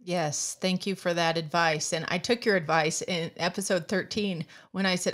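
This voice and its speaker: A middle-aged woman hosting a podcast interview, chatty and animated, often restarting her sentences. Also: lowish voice, moderate pace, hardly any pauses. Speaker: podcast host. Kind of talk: conversational interview.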